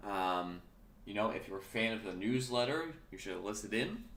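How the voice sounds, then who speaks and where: A man's voice: lowish voice, animated, normal speed, fairly bright tone, reverberant. A man hosting his own casual morning talk show, rambling and correcting himself, with his early-morning voice still in his throat. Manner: chatty, rambling, self-correcting. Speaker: podcast host.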